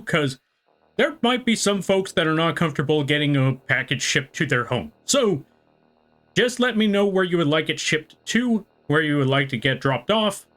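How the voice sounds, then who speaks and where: Excitable man calling a race on stream. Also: on the high side, moderate pace. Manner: playful, excitable play-by-play with rambling asides. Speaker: live streamer. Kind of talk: casual live-stream chat and race commentary.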